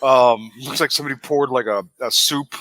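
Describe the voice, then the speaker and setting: A man hosting a podcast, retelling a film scene in an animated way, swearing and laughing often. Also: medium pitch, normal speed. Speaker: podcast host. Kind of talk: casual film recap.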